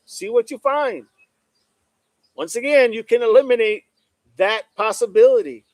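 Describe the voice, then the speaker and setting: A man's voice: sits high, no room sound. Chatty man hosting a live stream. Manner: greets viewers by name, repeats "no doubt about it". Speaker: livestream host reading chat. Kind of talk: casual livestream chat.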